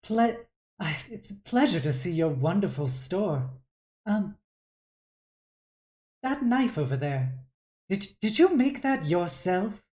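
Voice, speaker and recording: A woman voicing a sinister, overly polite middle-aged woman who speaks smoothly. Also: lowish voice, sing-song, takes it slowly, pauses often, dark tone, echoey room, pitched above the performer's own voice. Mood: sweetly menacing. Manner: smooth, courteous, menacing.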